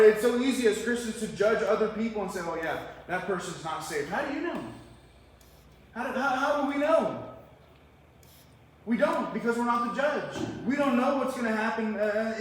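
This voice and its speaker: A man's voice: very high-pitched, expressive, normal speed, slight background noise. A man preaching a verse-by-verse sermon as pastor, talking conversationally and asking the congregation rhetorical questions. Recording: echoey hall, mic far off.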